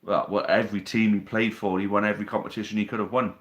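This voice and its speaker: Male host, slightly low voice, casual banter with viewers, phone mic at home. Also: flat delivery, fast. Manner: chatty, reads out viewer questions, teasing banter. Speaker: live stream host. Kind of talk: casual live stream chat. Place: living room at home. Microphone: phone on a tripod.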